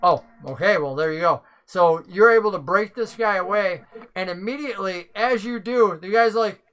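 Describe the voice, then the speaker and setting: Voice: medium pitch, moderate pace, fairly bright tone, smooth, low-quality recording. A game master who narrates a tabletop game and explains the rules at length, thinking aloud.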